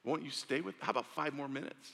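A man voicing God as a tender figure pleading for closeness, in a soft, coaxing way. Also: mid-range voice, quick pace, creaky, big-room sound, pitched above the performer's own voice.

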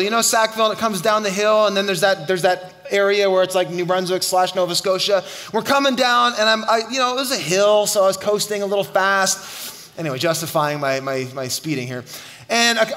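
High, bright-voiced pastor preaching. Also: male voice. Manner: animated storytelling, shouting at the climax. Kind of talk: sermon. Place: church hall. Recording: long hall reverb.

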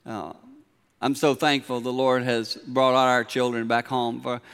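A middle-aged man, preaching a sermon in a large church, moving from quiet storytelling to emphatic points. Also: mid-range voice, level tone, unhurried, gravelly, clear, resonant tone. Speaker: pastor. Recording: long hall reverb.

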